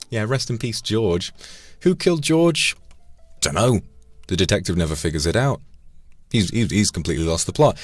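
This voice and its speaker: A man's voice: sits low, no room sound. A man casually chatting on a livestream, swearing now and then and tripping over repeated words. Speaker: streamer.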